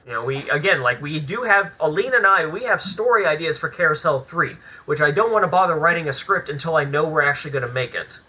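A man being interviewed as a filmmaker and actor, talking in an animated, rambling way with plenty of swearing in a casual chat. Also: on the high side, quick pace, hardly any pauses, breathy edge, low-quality recording.

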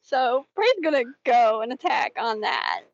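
A woman playing a tabletop role-playing game, giggly, swearing and thinking out loud. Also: on the high side, very animated, a little slow, creaky, dull audio. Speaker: player. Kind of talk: casual tabletop game play.

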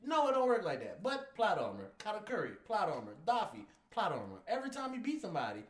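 A man's voice: high-pitched, huge pitch swings, fast. A young man co-hosting a casual podcast, arguing his points with combative, profane energy. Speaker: podcast co-host. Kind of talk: casual argumentative chat. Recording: roomy echo, faint noise.

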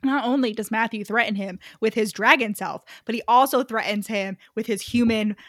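A woman co-hosting a casual book podcast, animated and laughing often as she recaps and comments with free swearing. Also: a little high, moderate pace, no room sound, studio quality. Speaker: podcast co-host.

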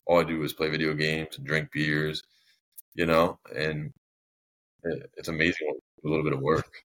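A man's voice: extremely low pitch, flat delivery, moderate pace, a bit bright. A young man speaking as a podcast guest, telling his story in a casual, rambling way with many fillers and restarts. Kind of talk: candid personal storytelling.

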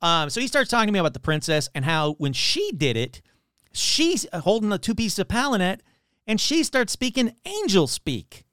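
Animated man rambling through a comic story. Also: sits high, moderate pace, clean tone, no echo, studio quality. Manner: rambling, full of "like" and self-corrections.

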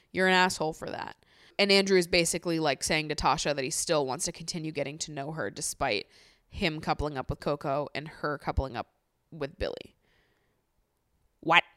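A young woman vlogging a reality-show recap in casual chat, blunt and exasperated, swearing freely and talking in fast bursts. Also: fairly low pitch, fairly bright tone, no room sound, clean studio sound.

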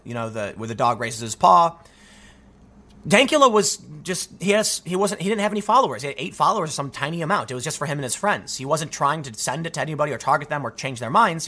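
A man delivers opinionated political commentary, reading articles aloud and reacting with emphatic disbelief. His voice sits a little high and has a bright, sharp edge.

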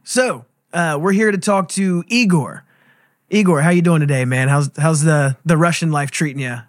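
A man's voice: fairly high pitch, normal speed, no echo, clean studio sound. A man hosting a comedy podcast, easygoing and playing along with his drunk guests. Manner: laid-back, easygoing, plays along. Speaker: host.

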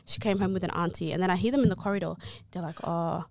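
A woman's voice: on the low side, fast, gravelly, dry recording. A woman, a podcast co-host telling a funny story in casual chat, laughing as she goes. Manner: animated, laughs while telling stories.

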